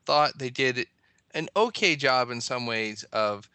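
A man's voice: medium pitch, animated, measured pace, sharp tone, smooth, no echo. A man co-hosting a casual podcast, talking in a rambling, hesitant way. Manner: rambling, hesitant, many restarts and fillers.

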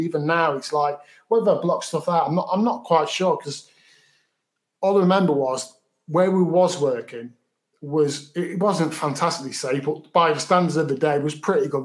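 A man, a guest in an interview, recounting a story in a halting, matter-of-fact way with many repeated words. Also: fairly high pitch.

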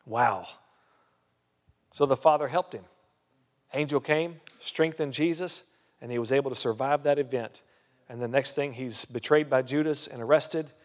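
A man's voice: medium pitch, normal speed, pauses often, in a large hall. A man preaching a sermon as a pastor, emphatic, with many rhetorical questions. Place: church hall.

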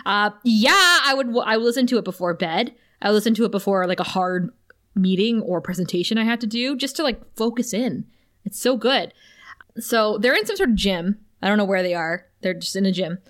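A woman with a mid-range voice co-hosts a podcast. She recaps a TV episode in a loose, chatty way. She is animated and laughs easily. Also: mid-range voice, brisk. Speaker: podcast co-host. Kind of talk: casual episode recap chat.

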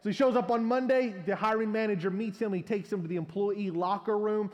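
High-voiced pastor telling a story. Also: male voice, a little fast, darkish tone, big-room sound. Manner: storytelling with a long humorous illustration. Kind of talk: sermon.

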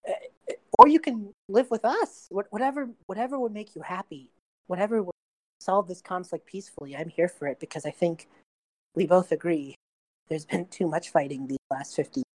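A woman's voice: on the low side, normal speed, dry recording, close to an everyday voice, poor audio. A woman playing a young male prince who pleads earnestly and rambles, trying to make peace. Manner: earnest, rambling, eager to please.

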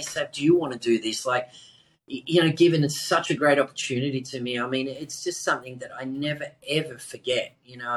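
A man's voice: mid-range voice, rough recording. A man, hosting a podcast and telling a casual anecdote with lots of fillers. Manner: relaxed, animated anecdotes with many fillers. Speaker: podcast host. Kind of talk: casual storytelling.

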